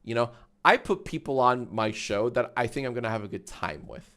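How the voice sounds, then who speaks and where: A man streams live and chats loosely with his viewers. He rambles and swears, and his mid-pitched voice moves up and down in a lively way. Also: brisk. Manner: rambling and profane, reads chat aloud. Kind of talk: casual live-stream chat.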